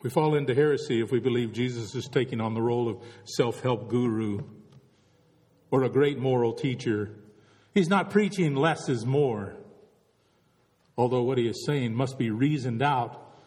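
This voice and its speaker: A man's voice: medium pitch, moderate pace, a little mellow, in a large hall. A man delivering a reflective sermon as a pastor, full of rhetorical questions.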